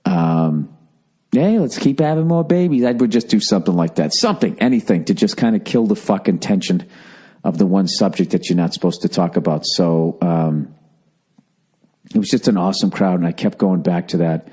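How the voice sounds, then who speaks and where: A man hosting a casual solo podcast from his home in the early morning, rambling and profane, keeping his voice hushed so he won't wake the house. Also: low voice, normal speed, husky. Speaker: podcast host.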